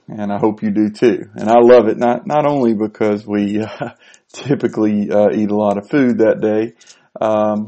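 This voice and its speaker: Low gravelly-voiced man giving a devotional. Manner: gentle, unhurried, with frequent ums and uhs. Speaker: preacher. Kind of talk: short devotional talk.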